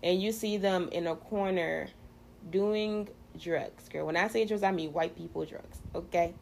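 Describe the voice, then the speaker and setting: A woman's voice: fairly low pitch, fairly even intonation, a little slow, gravelly, darkish tone, a little hiss or hum. A woman hosting a casual faith chat, talking in a chatty, playful way with many fillers. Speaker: podcast host.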